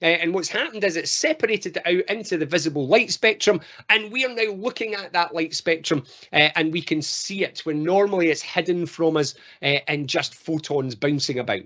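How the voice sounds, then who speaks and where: A man's voice: fairly high pitch, normal speed, hardly any pauses, bright, forceful tone. A Scottish man voicing a blunt, matter-of-fact man who explains things scientifically and dismissively. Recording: dull lo-fi call audio.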